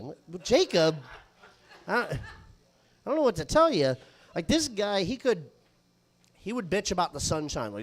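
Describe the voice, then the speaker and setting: A man's voice: high-pitched, very animated, measured pace, pauses often. A man doing a live stand-up set, telling rambling, self-mocking stories full of swearing. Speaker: stand-up comedian. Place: live comedy stage.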